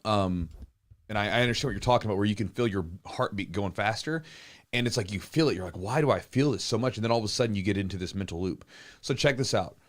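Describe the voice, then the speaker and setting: A man in his thirties hosting a live podcast Q&A, chatting casually and telling stories with lively acted-out quotes. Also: on the low side, fast. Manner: animated storyteller, acts out quotes, swears casually. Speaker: podcast host and jiu-jitsu coach.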